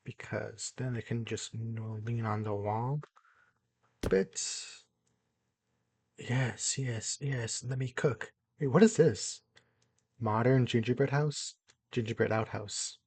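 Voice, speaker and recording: A young man giving casual commentary as he builds in a video game, excitable, muttering to himself and then bursting into loud exclamations. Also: medium pitch, slow, slightly rough, dry recording. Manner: excitable, talks to himself while building, jumps between mumbling and loud exclamations. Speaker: gaming YouTuber.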